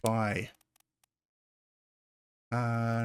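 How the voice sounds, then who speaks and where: A man's voice: medium pitch, unhurried. A man playing a video game and thinking aloud in casual commentary, often correcting himself. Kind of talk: let's-play commentary.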